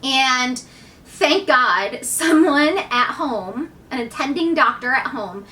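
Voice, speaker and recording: A woman in her thirties telling a personal story to camera in a candid, animated way, acting out what people said. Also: sits high, slow pace, distant mic. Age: 30s. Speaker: vlogger.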